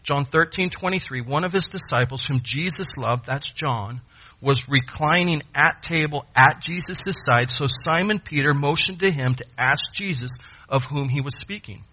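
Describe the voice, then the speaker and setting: A man preaching a sermon, emphatic, with dramatic pauses. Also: a little high, pushed and bright, lo-fi sound.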